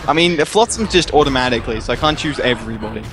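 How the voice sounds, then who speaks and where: A man in casual chat over a game stream, quick and joking. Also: mid-range voice, animated. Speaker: livestream co-player.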